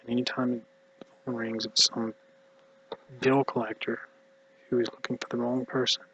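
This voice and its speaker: Tired, mumbly man with flat delivery. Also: mid-range voice, muffled recording, slight background noise. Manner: halting, hushed, drifting into whispers. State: exhausted. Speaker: vlogger. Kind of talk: rambling personal monologue.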